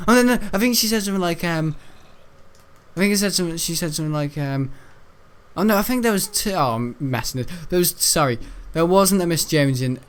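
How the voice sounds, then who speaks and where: A man's voice: a little high, expressive, brisk, clean tone. A young man from Britain, rambling and giggling as he tells a school story while playing a game. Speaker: gaming video host. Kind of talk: casual gameplay commentary.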